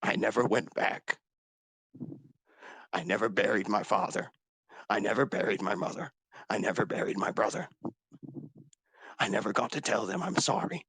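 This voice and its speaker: A man's voice: fairly low pitch, gravelly, a bit bright, husky, no echo, exaggerated voice. A man voicing a grieving dragonborn warrior. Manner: raw, halting confession with whispered breaks. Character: grief-stricken male dragonborn warrior with talons. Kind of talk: tabletop role-play character speech.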